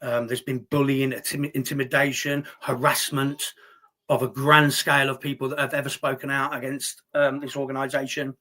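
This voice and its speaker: A man with a mid-range, bright voice hosts a live stream, reading viewer chat and answering at normal speed. His delivery is flat yet forceful as he talks in a heated, indignant way, swearing plenty.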